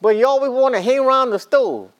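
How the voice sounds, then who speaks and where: A man's voice: very high voice, fairly quick. Older man preaching folksy Bible lesson. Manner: folksy, repeats and restarts phrases, builds to emphatic preaching. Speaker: Bible class teacher. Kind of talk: storytelling sermon.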